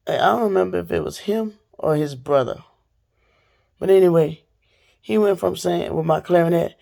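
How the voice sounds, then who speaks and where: Gravelly woman vlogger, animated storytime rant straight to camera. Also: on the low side, normal speed. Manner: animated, talks straight to viewers.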